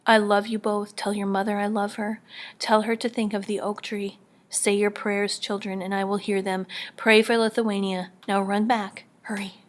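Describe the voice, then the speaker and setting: A gentle father speaks low and steady, calm yet urgent, his voice kept hushed, as a woman reads him aloud. He sits in a mid-range voice with an even pitch. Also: moderate pace, close to an everyday voice. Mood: tender urgent.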